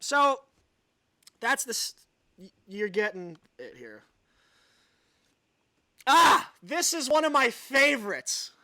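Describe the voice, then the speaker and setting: A man's voice: very high voice, wildly swooping pitch, takes it slowly, pauses often, sharp tone, dry recording. Sarcastic, exasperated man on a livestream. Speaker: livestream host. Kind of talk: ranting live commentary, reading an article aloud.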